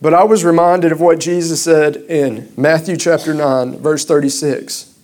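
A man preaching a sermon, starting out halting and rambling, then growing louder and impassioned. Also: on the high side, fairly even intonation.

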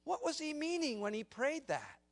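A man's voice: very high-pitched, very animated, normal speed. A male pastor preaching a morning sermon in church, pressing his points with emphatic rhetorical questions to the congregation. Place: church sanctuary during a morning service.

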